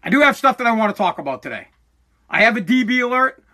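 A forty-year-old man rants on his podcast with a raised, high-set voice and a sharp, bright edge. He swears freely and keeps tipping over into yelling, a dusty throat catching now and then, recorded in a home basement. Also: sing-song, quick pace. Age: 40s. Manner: aggravated, swearing, bursts into yelling. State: throat irritated by dust, coughing. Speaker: podcast host. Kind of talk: angry profane rant.

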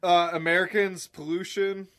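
A man co-hosting a casual podcast, animated and quick to swear and laugh. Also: sits high. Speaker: podcast co-host.

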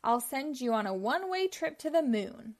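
A woman voicing a big, mean-tempered male billy goat who talks gruffly and scornfully. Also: sits high, big pitch swings, moderate pace.

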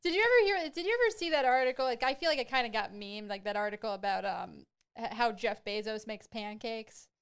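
A woman co-hosting a podcast in casual chat, relaxed and quick to laugh as she relays news stories. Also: on the high side, clear, resonant tone. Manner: easygoing, laughs often, relays news items. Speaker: podcast co-host.

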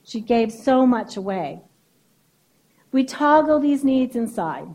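A woman's voice: a little high, very animated, takes it slowly, darkish tone, rough recording. A woman therapist giving a keynote speech in a conversational lecturing way, often checking in with "right?".

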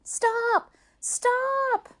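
A woman reading a children's book aloud, voicing May May, a bossy, excitable young woman singer traveling west. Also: mid-range voice, normal speed, close to an everyday voice. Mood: alarmed.

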